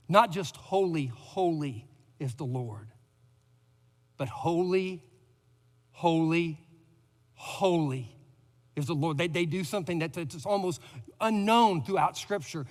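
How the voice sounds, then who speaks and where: A man's voice: a little high, big-room sound. A man preaching a sermon as pastor, building emphasis and lifting his voice on repeated words. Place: church sanctuary.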